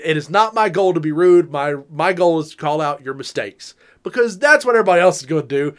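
A middle-aged man telling stories in a casual chat, animated, laughing often and acting out what people said. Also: on the high side, fast. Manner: animated, laughs often, acts out quotes loudly. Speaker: podcast co-host.

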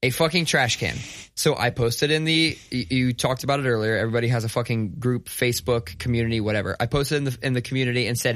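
Male podcast co-host, bright and forceful, profane and animated, dry close sound. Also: mid-range voice, fast, no room sound. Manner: animated, swears a lot, rants with mock outrage. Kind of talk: casual profane storytelling.

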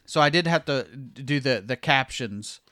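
A man's voice: mid-range voice, moderate pace, bright, forceful tone, dry recording, studio quality. A man from the United States co-hosting a film podcast, talking in a rambling, hesitant casual way. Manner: rambling, hesitant restarts, laughs easily. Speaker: podcast co-host. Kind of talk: casual chat.

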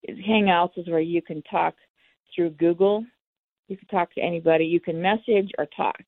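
Woman, low gravelly voice, candid storyteller, tinny dry phone line. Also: steady tone, moderate pace, no room sound. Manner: candid, acts out the dialogue. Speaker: interviewee. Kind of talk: personal storytelling.

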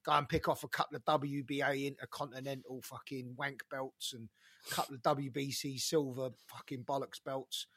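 A man's voice: medium pitch, little pitch movement, moderate pace, a bit bright, breathy edge, no room sound. Blunt, sweary man. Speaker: boxing podcast co-host. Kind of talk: casual chat.

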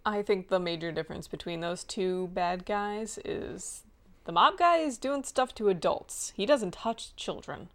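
A woman's voice: mid-range voice, animated, a little slow, fairly bright tone. Dry, matter-of-fact woman co-host. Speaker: podcast co-host. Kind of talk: casual film-review chat.

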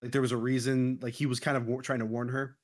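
A man on a movie review podcast walks through a horror plot in loose, profane chat. His voice sits at an ordinary middle pitch, and he tells the story with offhand slang. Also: quick pace. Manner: animated retelling with crude slang. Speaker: podcast host.

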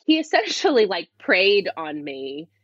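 A woman guest speaking quietly as she tells a candid personal story, rambling with lots of "like" and restarts. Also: mid-range voice, big pitch swings, unhurried, no room sound, highs cut off. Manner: rambling, heavy use of "like", restarts. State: speaking quietly, half-whispering. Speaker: interview guest.

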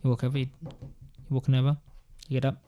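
A man's voice: mid-range voice, monotone, quick pace, dark tone, slight background noise. A man casually telling a rambling story in the second person, with playful asides.

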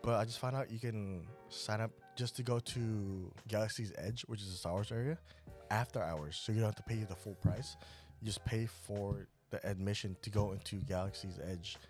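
A man co-hosting a podcast in casual, profane chat, often dropping low and laughing. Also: steady tone, normal speed, darkish tone, faint music behind. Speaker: podcast co-host.

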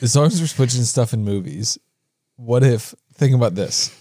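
A man's voice: mid-range voice, expressive, dark tone, no echo, studio quality. A man co-hosting a podcast in casual chat, jokey and fond of silly voices. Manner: jokey, drawn-out delivery, plays with silly voices. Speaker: podcast co-host.

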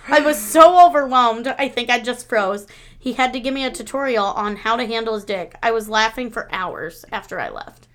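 A woman's voice: a little high, moderate pace. A woman in her thirties co-hosting a casual chat, telling frank stories with lots of laughter. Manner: frank, laughing, animated storytelling. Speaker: podcast co-host.

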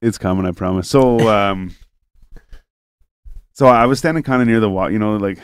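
A man's voice: on the low side, normal speed, smooth, dry recording, studio quality. A man in casual chat, telling a long story with lots of fillers, swearing, and acted-out lines from other people. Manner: rambling, heavy on fillers and swearing.

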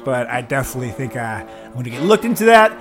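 A man's voice: medium pitch, quick pace, faint music behind. A man co-hosting a podcast in casual chat, telling profane stories with lots of laughing. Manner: animated, laughing, profane storytelling. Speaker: podcast co-host.

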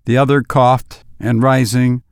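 A man narrates a classic tale in a slow, measured way. His mid-range voice sounds close and dry, with no room around it. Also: mid-range voice, clean tone, no room sound. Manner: measured, even storytelling. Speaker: audiobook narrator. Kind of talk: scripted narration.

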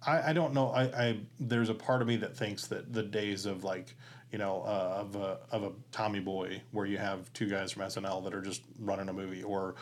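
Low-voiced male co-host telling stories. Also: moderate pace, a little hiss or hum. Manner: storytelling, animated when retelling sketches. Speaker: podcast co-host. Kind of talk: casual chat.

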